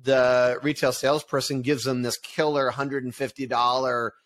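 Animated man in casual business chat. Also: mid-range voice, moderate pace. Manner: animated, acts out ad voices, laughs easily. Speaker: podcast co-host.

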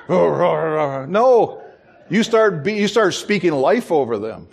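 With a high, animated, creaky voice at normal speed, a middle-aged pastor preaches a sermon full of stories. He plays out the voices of the people involved and chuckles at himself now and then.

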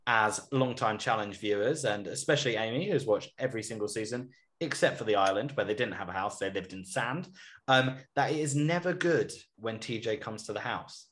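A man's voice: lowish voice, fairly quick, fairly bright tone. A man hosting a podcast, recapping a reality show episode in a wry, casual storytelling way. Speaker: podcast host.

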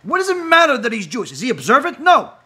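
A rabbi giving an impassioned talk, firing rhetorical questions and acting out quoted voices. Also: male voice, very high-pitched, huge pitch swings, fast, pushed and bright, slightly rough.

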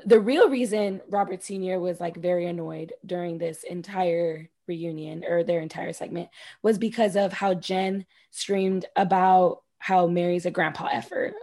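Profane, animated woman recapping reality TV. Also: on the low side. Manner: blunt, profane, animated retellings. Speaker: podcast co-host. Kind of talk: casual reality TV recap chat.

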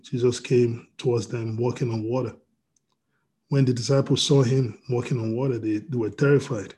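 Man preaching, dark husky voice, video call. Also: mid-range voice. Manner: reads scripture aloud, then preaches with restarts and "you know". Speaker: pastor. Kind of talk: sermon over video call.

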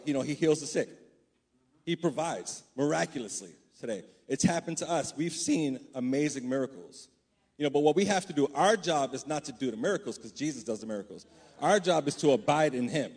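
A man's voice: fairly high pitch, a little mellow, slightly rough. A man preaching a sermon: he reads scripture aloud, then talks loosely and conversationally, checking in with the congregation.

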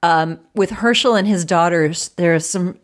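A woman's voice: lowish voice, moderate pace. A woman co-hosting a fan podcast, chatting casually with many hesitations and restarts. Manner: warm reactions, hesitant with ums and restarts. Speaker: podcast co-host. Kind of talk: casual chat.

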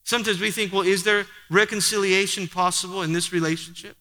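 A man's voice: high-pitched, fairly even intonation, brisk, pushed and bright. A man preaching a sermon with an emphatic, repetitive cadence. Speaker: pastor. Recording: long hall reverb.

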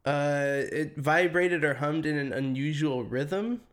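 A man co-hosting a podcast, telling a story in casual chat with loose phrasing, swearing and quick put-on voices for people in it. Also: on the high side. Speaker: podcast co-host.

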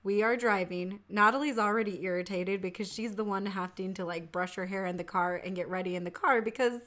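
A middle-aged woman chatting casually, telling family stories in an animated way and laughing often. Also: medium pitch, brisk. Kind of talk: casual chat.

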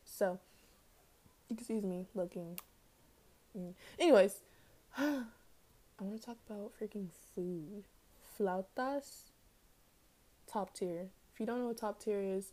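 Young woman rambling on her podcast, slangy, warm mellow tone, kinda breathless. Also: mid-range voice. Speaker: podcast host. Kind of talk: casual solo podcast chat.

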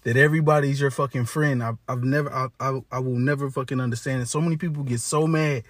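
Talking fast in a steady, mid-range voice, a man launches into a profane monologue. It's casual and blunt, thick with slang and swearing, and he keeps restarting his sentences. No room sound is audible.

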